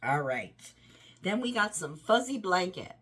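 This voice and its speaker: A woman's voice: on the low side, very animated, a little slow, fairly bright tone, slightly rough. A woman casually reviewing wax scents, rambling and enthusiastic, trailing off often, her voice tired and run down. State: voice tiring, run down. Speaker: home fragrance vlogger.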